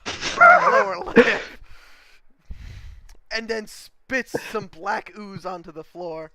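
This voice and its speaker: A man narrating a tabletop game as game master, easygoing and quick to laugh at his own slips. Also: high-pitched, wildly swooping pitch, gravelly, sharp tone, dry recording.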